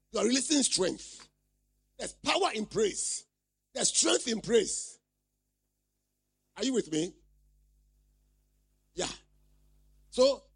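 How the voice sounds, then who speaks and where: A man's voice: high voice, gravelly, husky. A man preaching a sermon, reading scripture aloud and repeatedly asking the congregation questions. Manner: reads scripture aloud and explains it.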